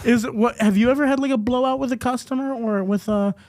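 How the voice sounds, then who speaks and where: His voice is very high-pitched and he talks quickly, with no echo on the audio. He's a young man co-hosting a podcast, casually telling stories with lots of cursing and acting out the voices of people he quotes.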